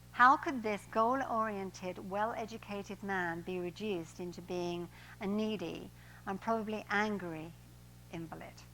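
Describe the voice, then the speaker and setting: A woman's voice: medium pitch, a bit bright, a little hiss or hum, low-quality recording. A woman who works as a personal trainer, giving an inspirational church talk in a chatty way and often laughing at her own lines. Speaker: guest speaker and personal trainer. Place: church sanctuary.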